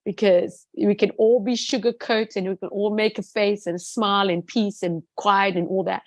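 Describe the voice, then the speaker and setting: A woman's voice: medium pitch, steady tone, moderate pace, no echo. Woman guest, earnest and emphatic testimony, leans on repeated words, dry close recording. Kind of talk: heartfelt personal testimony in a conversation.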